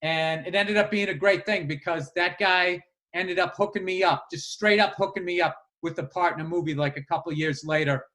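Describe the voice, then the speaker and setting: Man, high voice, bright and sharp tone, casual comedy podcast chat, heavy swearing. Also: a little fast. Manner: profane, animated storyteller. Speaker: podcast co-host.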